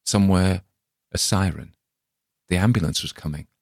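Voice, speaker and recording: A man narrating a dark short story in a measured, ominous reading. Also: sits low, creaky, dry recording, studio quality.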